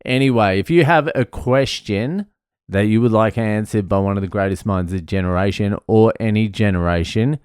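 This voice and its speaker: A man's voice: fairly low pitch, moderate pace, a little mellow, clean tone, no echo, studio quality. An Australian man, a comedian hosting his own podcast, telling stories in a loose, swearing, casual way. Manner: loose, swearing, laughing storyteller. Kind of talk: casual storytelling monologue.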